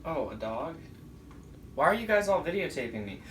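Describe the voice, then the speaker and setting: A man's voice: fairly high pitch, sing-song, normal speed, a bit bright, recorded from a distance. Laughing man heard from across an echoey room. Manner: laughing, teasing.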